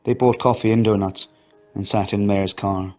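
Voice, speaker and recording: Man calmly narrating a ghost story. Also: lowish voice, moderate pace, faint music behind. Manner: quiet, steady storytelling. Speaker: audio story reader. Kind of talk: scripted narration.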